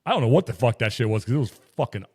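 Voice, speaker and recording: A man's voice: medium pitch, lively intonation, rapid-fire, darkish tone, slightly rough. A man co-hosting a podcast, telling long, profane stories in casual chat. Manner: profane, rambling storyteller. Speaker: podcast co-host.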